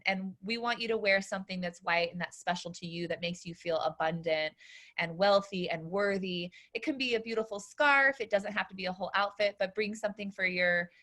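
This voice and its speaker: A bright-voiced woman coaching members on a training call. She sounds upbeat and encouraging, laying out each step plainly at a mid pitch. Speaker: business coach and co-host.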